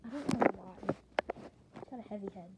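A woman with a mid-range voice talks briskly through a show-and-tell vlog at home, showing off her plush toy collection. She rambles and chats, often correcting herself, against loud background noise with clicks.

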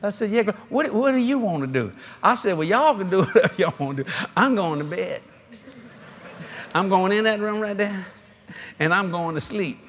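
A man's voice: high voice, normal speed, slight background noise. A middle-aged man, preaching a sermon in a folksy storytelling way at a large convention. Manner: folksy, animated storytelling with laughter.

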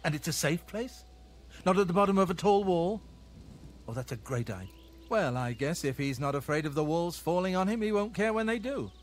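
A man's voice: high-pitched, lively intonation, a little fast, slight background noise. An actor playing a fearful, paranoid man in a video game who worries about walls falling on him. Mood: wry. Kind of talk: video game character dialogue.

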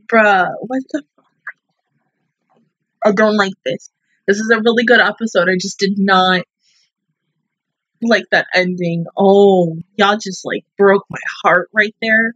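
A woman hosting an anime reaction video, talking in a husky, breathy voice with loose slang and plenty of swearing. Her reactions come out emotional and exclaiming. The sound is dry and a bit dull and lo-fi. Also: mid-range voice, unhurried, pushed and bright, no echo. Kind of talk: casual reaction commentary.

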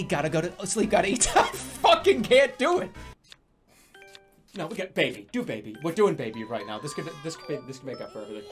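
A man chatting on a live stream with a voice that jumps all over the place. He jokes, laughs a lot, swears freely and now and then breaks into loud shouts, with faint music behind him. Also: on the high side, big pitch swings, fairly quick. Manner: jokey, laughs often, swears, bursts into shouting. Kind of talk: casual live-stream banter.

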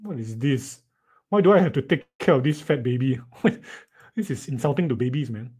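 A man's voice: mid-range voice, lively intonation, moderate pace, warm tone, husky. A man teaching a live online writing lesson, reading students' sentences aloud and teasing them playfully. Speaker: writing tutor.

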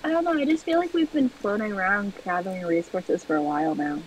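A woman streamer chatting casually over a game, joking in a playful, deadpan way. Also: medium pitch, quick pace, far from the mic, faint music behind, poor audio. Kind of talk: casual gameplay chat.

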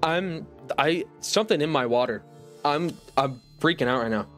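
A man's voice: a little high, animated, normal speed, a bit bright, soft background music. A young man streaming live from home, ranting in mock outrage with lots of exasperation.

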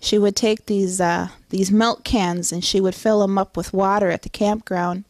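A middle-aged woman giving an earnest personal testimony, halting, with many restarts and fillers. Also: medium pitch, steady tone, a little mellow, no echo, clean studio sound. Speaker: testimony speaker.

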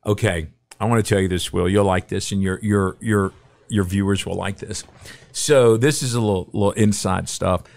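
A middle-aged man, a podcast guest, telling a story in casual, animated chat and acting out the quotes. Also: lowish voice, normal speed, creaky.

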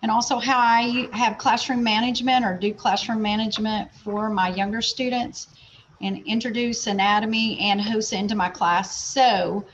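A laid-back woman in her forties from Oklahoma speaks with a Southern Oklahoma accent and a fairly high voice. She presents to fellow teachers over a video call, casual and self-deprecating. The audio is a bit muffled, with a faint hiss behind her. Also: fairly even intonation, moderate pace. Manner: laid-back, apologetic, talks herself through steps. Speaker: health science teacher presenting.

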